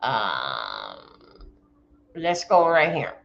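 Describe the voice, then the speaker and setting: Rambling woman streamer, lively pitch. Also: drawn-out words, vocal fry, noisy background. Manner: rambling, excitable, interjecting. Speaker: livestreamer. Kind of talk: casual livestream commentary. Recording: echoey, dull lo-fi room mic.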